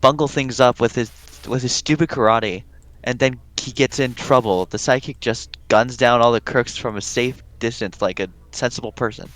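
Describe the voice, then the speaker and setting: A man's voice: mid-range voice, moderate pace, a bit bright, low-quality recording. A man casually reading a webcomic aloud in a group, playful and bantering, swearing now and then.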